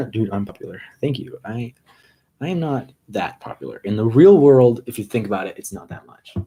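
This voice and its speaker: A musician hosting a casual live stream, chatting in an upbeat, rambling way with quick asides. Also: male voice, on the low side, animated, mellow, breathy edge.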